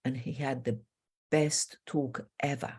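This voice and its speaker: A middle-aged woman coach with a low voice tells animated stories and shifts her pitch up and down to act out the people in them. She sounds like a guest in a casual interview. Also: slow, breathy edge. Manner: lively storyteller, acts out quotes with jumps in pitch. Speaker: life coach. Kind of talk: animated storytelling in a podcast interview.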